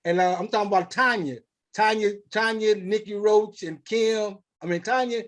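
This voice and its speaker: A man hosting an interview, telling stories in an animated, rambling way. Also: high voice, moderate pace. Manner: animated, rambling storytelling with quoted dialogue. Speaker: show host. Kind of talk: casual conversational interview.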